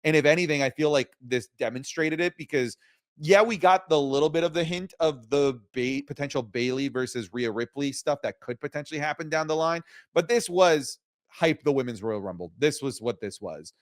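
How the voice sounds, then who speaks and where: A man's voice: a little high, normal speed, no echo. Opinionated man co-hosting, dry sound. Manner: opinionated, animated. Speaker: co-host. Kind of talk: casual wrestling review show.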